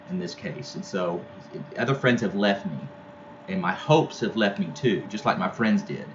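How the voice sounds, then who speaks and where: Deep-voiced guy teaching a poem, chatty, lots of ums and restarts, kinda muffled recording. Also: fairly bright tone, a little hiss or hum. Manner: conversational, with many fillers and restarts. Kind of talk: casual poetry lesson.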